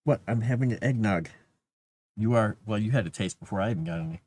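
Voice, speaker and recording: A man's voice: lowish voice, quick pace, a little mellow. A man rambling casually on a livestream, chatting to his cat between thoughts.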